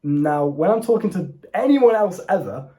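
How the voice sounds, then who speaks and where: A man's voice: sits high, animated, moderate pace, dark tone. A young man giving dating advice straight to camera, casual and blunt, calling the viewer bro. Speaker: dating coach. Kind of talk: direct-to-camera advice talk. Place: indoors, seated before a camera.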